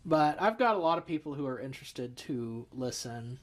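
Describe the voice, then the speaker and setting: A man's voice: mid-range voice, lively intonation, normal speed. A man hosting a podcast in easygoing casual chat, laughing often and steering the conversation. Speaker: podcast host.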